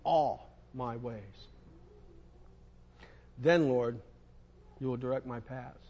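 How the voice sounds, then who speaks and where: A man delivers a sermon in a medium-pitched, steady, slightly mellow voice, speaking slowly, and the recording sounds lo-fi. His style is emphatic and repetitive, aimed at himself as much as his audience.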